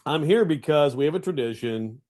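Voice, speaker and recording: A man's voice: fairly high pitch, a little fast. Self-deprecating middle-aged man telling a story. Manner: storytelling, self-deprecating, loud animated outbursts. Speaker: radio co-host. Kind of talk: casual sports radio chat. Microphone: home setup on video call.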